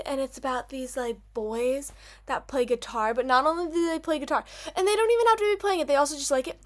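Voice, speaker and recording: A young woman ranting animatedly in a casual vlog from her dark bedroom, full of "like" fillers and exaggeration. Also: high-pitched. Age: young adult. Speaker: vlogger. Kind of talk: casual rant to camera. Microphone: built-in camera mic.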